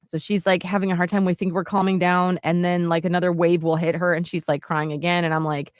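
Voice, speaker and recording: A podcast co-host in her late thirties tells a personal story in casual chat, speaking fast in a fairly low voice with a flat delivery. Still earnest and heartfelt, she fills her speech with "like"s and restarts. The studio-quality audio has no echo.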